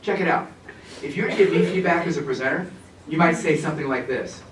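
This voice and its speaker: Animated man presenting in an echoey room. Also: fairly high pitch, quick pace, recorded from a distance. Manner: animated, humorous, addresses the audience. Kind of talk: professional development workshop talk. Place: conference room with an audience. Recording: roomy echo, speaker away from the mic, faint noise.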